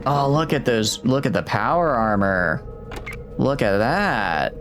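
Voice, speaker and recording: A man's voice: medium pitch, lively intonation, takes it slowly, a bit bright, faint music behind. A man streaming a game, chatting casually and thinking aloud in a rambling way with lots of fillers. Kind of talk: casual gameplay commentary.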